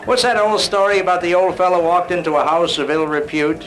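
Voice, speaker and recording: A man doing live stand-up comedy, rattling off rapid-fire one-liners with punchy delivery. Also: high voice, poor audio. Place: live nightclub show. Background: music.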